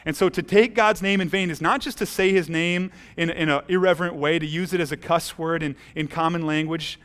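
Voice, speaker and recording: A man's voice: a little high, steady tone, a little fast, a bit bright. A man preaching a sermon as pastor, earnest, often restarting his phrases.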